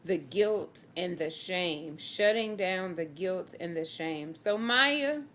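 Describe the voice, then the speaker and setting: A woman with a Southern US accent hosting a relaxed, upbeat live-stream chat. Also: on the low side, a little hiss or hum. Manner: relaxed and upbeat, slow-paced. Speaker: host.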